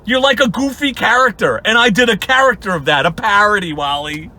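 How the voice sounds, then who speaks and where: Hosting a casual commentary vlog on YouTube, a man mocks someone, laughing often and mimicking others in goofy, silly voices. His voice is high-pitched and bright with lively intonation, a fairly quick pace, and a forceful tone.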